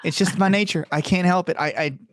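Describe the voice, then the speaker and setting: A man from the American South hosting a podcast, chatting in a rambling, animated way and laughing often. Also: brisk, no room sound, clean studio sound. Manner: animated, rambling, laughs often, jumps up in pitch when telling stories. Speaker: podcast host. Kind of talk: casual chat.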